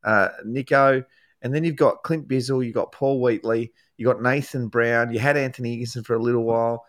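A man's voice: medium pitch, steady tone, fairly quick, dry recording. Middle-aged Australian male host, storyteller, laughs often; dry recording. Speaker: podcast host, former footballer. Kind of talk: casual interview chat.

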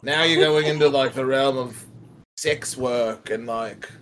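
A man's voice: mid-range voice, measured pace, a bit bright, slight background noise, close to an everyday voice. A man voicing a chatty male parakeet with an Australian accent, rambling in slang and calling everyone mate. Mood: scolding. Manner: rambling, slangy, scolding, says mate a lot.

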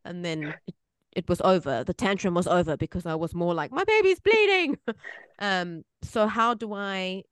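Woman podcast host, low smooth voice, hesitant casual talk. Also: normal speed, no room sound. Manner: hesitant, restarts sentences.

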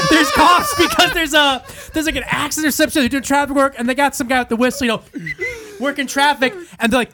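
There's a little hiss or hum behind this very high, fast-talking young man. On a podcast he laughs his way through a profane, animated story in casual chat.

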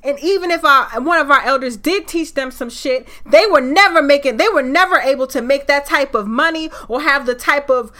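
A woman with a high voice talks at normal speed, barely pausing. Hosting her podcast alone, she rants fiercely and preaches with mounting anger, fiery and sometimes loud.

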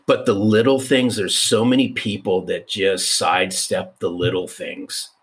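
Deep-voiced storytelling man in his 50s. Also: a little slow. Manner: animated, restarts, repeats for emphasis. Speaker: guest. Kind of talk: conversational storytelling.

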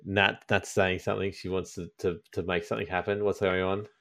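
A woman's voice: rumbling low, little pitch movement, brisk. Teasing woman hosting a casual podcast. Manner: teasing, drives the show. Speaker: podcast host. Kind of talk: casual chat.

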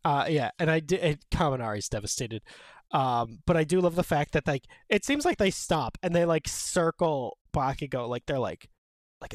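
A man with a fairly high voice, recorded close and dry with no room sound. He chats about comic scenes in an animated, opinionated way and peppers his talk with "like". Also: normal speed, no room sound. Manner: animated, opinionated, many "like" fillers. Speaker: podcast co-host. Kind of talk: casual chat about a manga.

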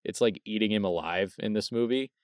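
A man's voice: fairly low pitch, smooth, dry recording, studio quality. Man, podcast co-host, casual film chat, rambling, resonant tone. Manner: rambling, quick restarts, swears casually.

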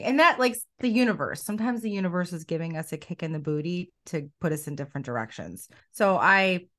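A middle-aged woman coach, a podcast guest telling her life story with quoted thoughts and animated asides. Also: medium pitch. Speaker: coach and academy founder.

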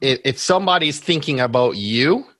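A man's voice: medium pitch, expressive, moderate pace, a bit bright, no room sound. A man with a Jamaican accent, a podcast guest explaining things step by step in casual interview talk. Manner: explains step by step, often checks in with "right?". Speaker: podcast guest, brand strategist.

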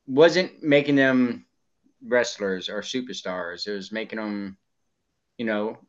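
A man's voice: fairly low pitch, slow. A man co-hosting a casual podcast, giving his opinions and talking his point through. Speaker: podcast co-host. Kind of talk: casual chat. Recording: muffled lo-fi audio.

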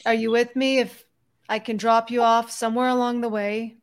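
A woman playing a tabletop role-playing game, speaking both in and out of character in a brisk, teasing manner. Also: a little high, flat delivery, smooth. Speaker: player voicing a character.

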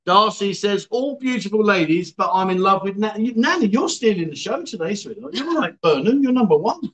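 A man's voice: sits high, lively intonation, fairly quick, rough recording. Joking man hosting a livestream. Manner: jokey, teasing, reads out viewer comments. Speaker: livestream host. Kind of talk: casual livestream chat.

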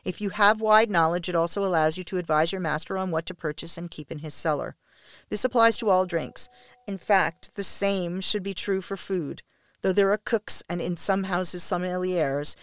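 A woman reading a first-person story aloud in a measured, even way. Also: lowish voice, clear, resonant tone, no echo, studio quality. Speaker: narrator.

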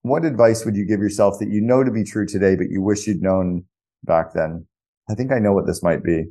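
A man's voice: fairly low pitch, fairly quick, mellow. A man hosting an interview podcast, casual and blunt, swearing freely as he asks questions. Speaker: podcast host. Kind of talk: conversational interview.

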